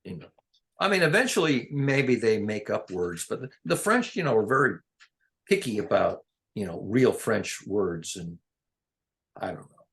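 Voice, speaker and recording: A man's voice: lowish voice, big pitch swings, normal speed, gravelly, fairly bright tone. An older man in a casual, rambling chat, drifting between topics and chuckling often. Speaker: conversation partner.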